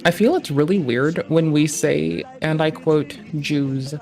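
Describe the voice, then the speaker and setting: A man's voice: fairly high pitch, measured pace, vocal fry, darkish tone, soft background music. A man streaming casual commentary, rambling and digressive with heavy slang and swearing. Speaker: streamer reacting to a debate.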